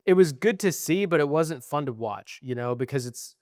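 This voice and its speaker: This young co-host sounds a little high and darkish, speaking expressively at normal speed while he vents profanely and in frustration during a casual podcast conversation. The sound is dry and clean, studio quality.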